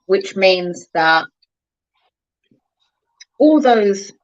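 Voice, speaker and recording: A woman's voice: medium pitch, animated, extremely slow, muffled recording. A woman in a casual chat who explains ideas and acts out the inner voice of her own thoughts.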